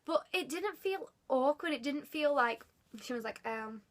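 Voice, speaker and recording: A woman vlogger telling a story casually to the camera, excitable and gushing, filling her talk with "like". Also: sits high, measured pace.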